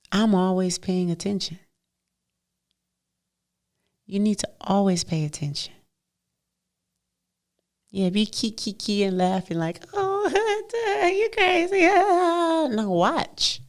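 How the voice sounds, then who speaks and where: A woman podcast host with a mid-range voice gives a casual motivational monologue. She is animated and playful, laughing often and moving from loud bursts to hushed asides. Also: mid-range voice. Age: adult mother.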